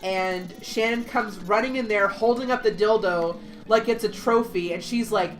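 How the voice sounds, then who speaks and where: A woman telling a story in casual chat, animated, swearing freely and acting out what people said. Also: medium pitch, normal speed, faint music behind. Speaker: podcast host.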